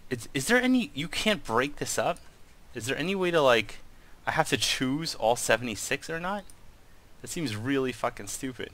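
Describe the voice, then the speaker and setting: Excitable gamer guy thinking aloud at his desk mic. Low-ish voice, sharp edge, loose and sweary. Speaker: game streamer and corp leader. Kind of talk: casual live-stream chat.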